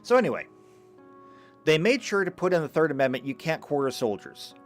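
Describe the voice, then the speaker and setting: A man's voice: fairly high pitch, a little fast, soft background music. A man giving a live lecture, talking emphatically and stumbling over a few restarts. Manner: animated, emphatic, with occasional stammered restarts. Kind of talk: live lecture reading chat comments.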